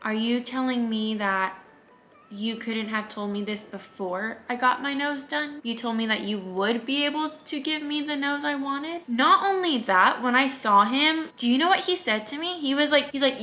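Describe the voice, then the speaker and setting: A young woman vlogger telling her own story in a lively, indignant, casual way. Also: fairly high pitch, moderate pace, soft background music. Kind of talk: storytime vlog.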